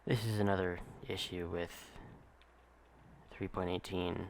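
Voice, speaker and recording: Low gravelly guy explaining a game glitch, laid back, lots of ums, faint hum behind him. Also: measured pace. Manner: relaxed, explanatory, with frequent ums and uhs. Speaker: gameplay narrator. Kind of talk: casual gameplay walkthrough.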